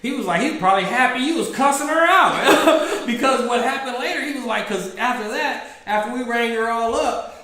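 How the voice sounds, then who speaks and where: A man's voice: extremely high pitch, brisk. A man hosting a podcast, telling a story in a casual way and acting out both sides of it. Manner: animated, acts out both sides of his stories. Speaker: podcast host. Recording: echoey room.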